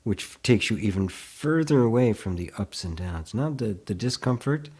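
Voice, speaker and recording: A man leading a live online satsang, speaking gently and unhurriedly, laughing often and answering viewer comments as he goes. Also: on the low side, animated, normal speed, slightly rough. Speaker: spiritual teacher.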